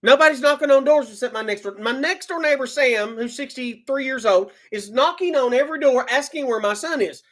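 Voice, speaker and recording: A man telling a personal story in an emotional monologue, agitated, repeating words and swinging between loud outbursts and low muttering. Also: fairly quick, few pauses. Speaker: vlogger telling his own story.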